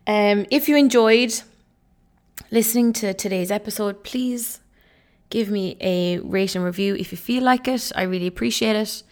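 Young woman, podcast host, casual chat, gushy, filler-heavy, mid pitch. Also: normal speed. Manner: chatty and gushing, full of fillers and "oh my God".

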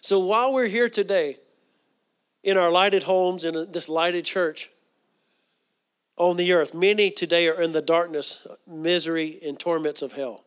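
A man's voice: sits high, clean tone. A man preaching a sermon, telling stories earnestly with frequent fillers.

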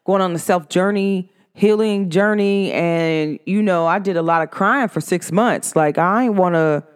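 Smooth-voiced woman telling a rambling story. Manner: rambling, heavy use of "like", pitch swings up and down sharply. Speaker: vlogger. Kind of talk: casual personal storytelling.

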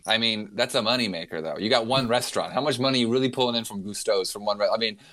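A man co-hosting a podcast in casual film discussion, talking in a relaxed way with plenty of filler words. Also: lowish voice, rapid-fire. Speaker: podcast co-host.

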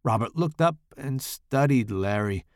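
A man reading a horror story aloud in a dramatic, expressive way. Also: medium pitch, unhurried, dry recording, studio quality. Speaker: author and podcast host.

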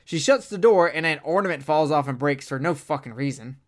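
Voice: mid-range voice, a little fast. Profane, rambling film-review co-host. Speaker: podcast co-host reviewing a horror anthology film. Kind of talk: casual film review chat.

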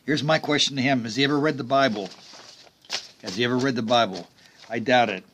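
A man's voice: mid-range voice, fairly even intonation, brisk, fairly bright tone, slight background noise. A middle-aged man hosting a political talk radio show, delivering emphatic commentary with sarcastic, mocking asides.

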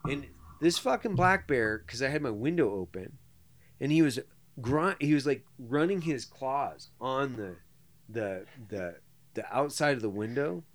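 A man hosting a podcast, telling a profane, animated story in casual chat. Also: medium pitch, measured pace. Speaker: podcast host.

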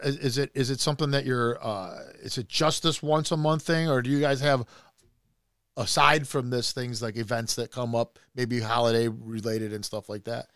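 A man hosting a casual interview show, asking loose, quick questions with restarts. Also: medium pitch, steady tone, fairly bright tone, clear, resonant tone, no echo, clean studio sound. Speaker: podcast host.

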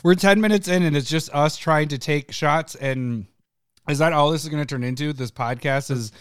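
Smooth-voiced man laughing through podcast chat. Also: fairly high pitch, normal speed, no room sound, clean studio sound. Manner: laughing, swearing, loose and rambling. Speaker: podcast co-host.

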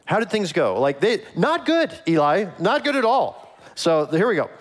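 A man preaching a conversational sermon as a pastor, animated and acting out the lines he quotes. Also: sits high, normal speed.

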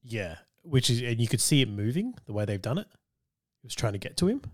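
A man's voice: mid-range voice, big pitch swings, fairly quick, no room sound, clean studio sound. A man co-hosting a casual podcast, laughing often as he explains comic-book lore at length. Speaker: podcast co-host. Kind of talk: casual film discussion.

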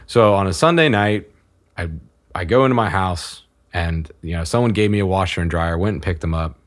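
A man in his thirties casually telling a funny story about himself, animated and laughing as he goes. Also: low voice, fairly quick. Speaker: podcast guest.

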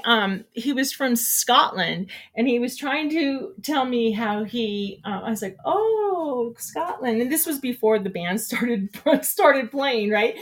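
A middle-aged woman hosting a relaxed morning show, telling stories in a casual, animated way. She laughs often and squeals when something excites her. Her voice sits a little high. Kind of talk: casual chat.

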